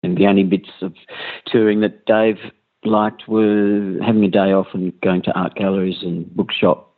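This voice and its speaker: Man, interviewee, relaxed anecdotes, lowish voice, phone-line sound. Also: normal speed. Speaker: interviewee, former bandmate. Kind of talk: conversational interview recollection.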